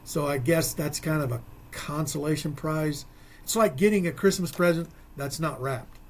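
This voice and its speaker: A man's voice: a little high, normal speed. A man co-hosting a local sports radio show, talking casually with folksy, rambling asides.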